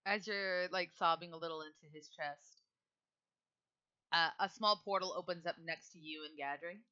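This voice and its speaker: A woman's voice: fairly low pitch, normal speed, bright, forceful tone, clear, resonant tone. A woman narrating a tabletop game as game master in a casual, loose way, with fillers. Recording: slightly dull lo-fi mic.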